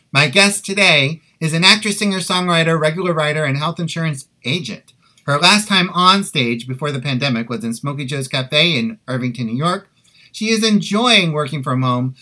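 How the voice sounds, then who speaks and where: Bright-voiced man hosting a podcast. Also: fairly high pitch. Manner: wry, joking asides. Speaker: podcast host. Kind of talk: casual chat. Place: in-person studio room. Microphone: budget desktop USB microphone.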